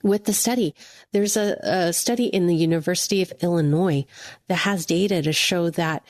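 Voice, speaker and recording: A woman's voice: fairly low pitch, moderate pace, a little mellow, no room sound, studio quality. A woman hosting a devotional podcast, speaking earnestly and encouragingly straight to the listener. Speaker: podcast host.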